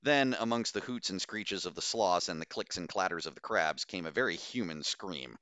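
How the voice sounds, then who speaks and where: A man reading a science fiction novel aloud in steady, measured audiobook narration. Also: sits low, clear, resonant tone, no echo.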